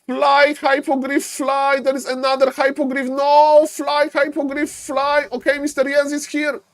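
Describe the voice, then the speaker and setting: A man casting a live strategy game, excitable, repeating phrases and yelling advice at the players in non-native English. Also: very high-pitched, unhurried. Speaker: esports caster.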